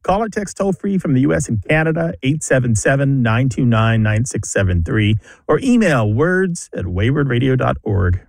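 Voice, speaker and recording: A man's voice: mid-range voice, lively intonation, moderate pace, a little mellow, no echo. Middle-aged male host, friendly and precise, dry studio sound. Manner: friendly, joking, clear and precise. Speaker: radio show host. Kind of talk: casual radio chat about language. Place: radio studio. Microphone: studio microphone.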